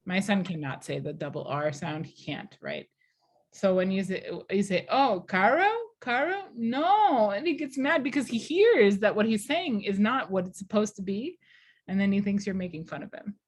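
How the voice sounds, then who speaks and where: A woman's voice: mid-range voice, normal speed, a little mellow, slightly rough. A woman teacher talking in a conversational, explanatory way during a class discussion over a video call.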